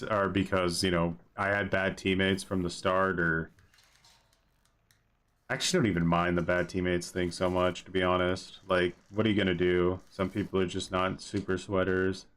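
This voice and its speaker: A man's voice: low-pitched, level tone, normal speed, a bit bright, smooth. A young man streaming a game, chatting casually with viewers in a laid-back way, full of fillers. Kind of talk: casual livestream commentary.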